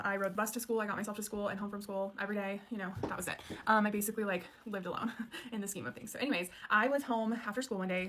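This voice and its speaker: Here a woman in her late twenties recounts her childhood in an open, conversational way, her speech dotted with "um" and "like." Her pitch sits in the middle and sounds a bit bright.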